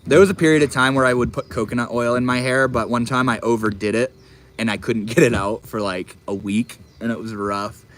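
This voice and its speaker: A young man casually chatting on a live stream, reading and answering chat messages in a relaxed, profane drawl. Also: medium pitch, fairly quick, a little hiss or hum. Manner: laid-back, swears often, drawls.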